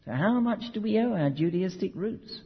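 A man's voice: sits high, lively intonation, moderate pace, breathy edge. A man preaching a teaching sermon, emphatic and conversational, with asides to his listeners. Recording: muffled hall recording with long reverb.

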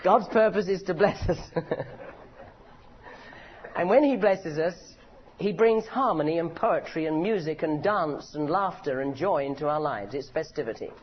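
A man's voice: on the high side, moderate pace, muffled recording, slight background noise. A man preaching a sermon in a church meeting, telling stories with humor. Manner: animated, humorous storytelling.

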